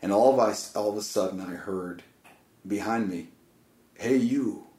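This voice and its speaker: A man's voice: fairly low pitch, steady tone, normal speed, darkish tone. A man telling a personal story in casual conversation, earnest and rambling, often stopping and restarting. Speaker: guest. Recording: roomy echo.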